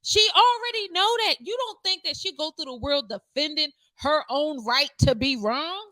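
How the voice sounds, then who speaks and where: A woman's voice: high-pitched, animated, moderate pace, pushed and bright, no echo, rough recording. A young woman co-hosting a casual podcast chat, blunt and emphatic, swearing freely as she argues her point. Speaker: co-host. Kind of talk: casual podcast chat reviewing a reality show.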